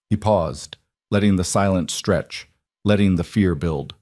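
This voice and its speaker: Male narrator, low voice, dry close sound, measured scripted storytelling. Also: darkish tone, no room sound.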